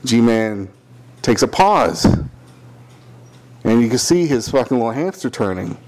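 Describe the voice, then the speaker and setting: A man's voice: mid-range voice, measured pace, background noise. A man telling a work story in casual chat, swearing often and acting out the quotes in raised voices. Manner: profane, animated, acts out quotes in raised voices.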